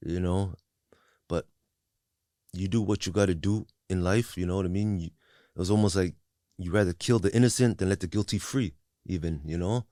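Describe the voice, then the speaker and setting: Low-voiced man in his forties, blunt. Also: normal speed, pauses often, mellow, no echo, clean studio sound. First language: not English. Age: 40s. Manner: blunt and profane, with many restarts and "you know what I mean". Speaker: guest. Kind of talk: candid personal storytelling.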